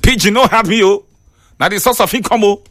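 A man with a Nigerian accent hosting a radio show, reading out listener greetings in a casual, lively way with frequent laughs and exclamations. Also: high-pitched, a little fast, no room sound, soft background music. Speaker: radio host. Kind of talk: casual radio shout-outs in Pidgin.

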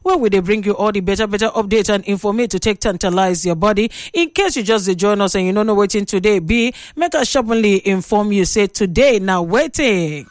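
Nigerian call-in radio host, playful and teasing, mid-pitch voice, dry studio sound with the mic a bit far. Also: brisk, few pauses, dry recording. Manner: playful, teasing, banters with callers. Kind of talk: lively call-in radio chat.

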